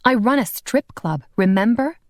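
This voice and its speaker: A woman's voice: on the high side, lively intonation, normal speed, dry recording, voice pushed up, natural voice. Vonda is a guarded, hot-tempered vampire woman with a wry, defensive way of talking, as a woman reads her in an audiobook. Her voice moves up and down expressively. The sound is dry and close. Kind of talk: audiobook character voice.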